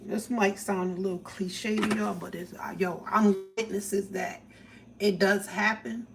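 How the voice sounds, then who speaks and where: This is casual livestream talk from a home kitchen, where a young woman makes breakfast while loosely chatting and cracking profane jokes. Her medium-pitched voice is steady, creaky, and a little slow, recorded on a distant phone with background noise.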